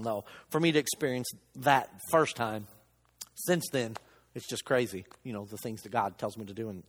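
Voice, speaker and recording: Animated preacher man in an echoey hall. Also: mid-range voice. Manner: animated storytelling, acts out quotes. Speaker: lay preacher. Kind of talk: sermon. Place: church.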